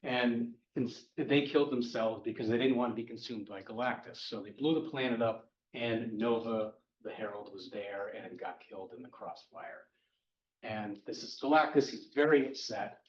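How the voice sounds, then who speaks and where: With a fairly low pitch and normal pace, a man hosting a podcast recaps a comic book's plot in a chatty, wry way, racing through the plot points. His recording is roomy, distant, and dull.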